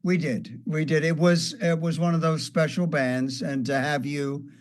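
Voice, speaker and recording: A man's voice: fairly high pitch, fairly even intonation, moderate pace. An older man, a guest guitarist, fondly reminiscing in a casual chat with light jokes.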